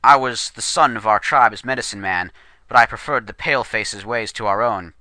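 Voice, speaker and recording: A man voicing a calm young Lakota man who speaks with an English accent in a formal, measured way, in a spoken story. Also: on the low side, no echo. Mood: solemn. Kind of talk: storytelling character voice.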